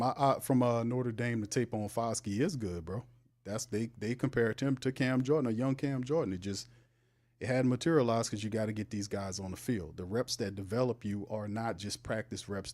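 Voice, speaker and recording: A man's voice: medium pitch, a little mellow. A man hosting a sports livestream, talking casually and animatedly, teasing his chat and laughing often. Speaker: sports show host.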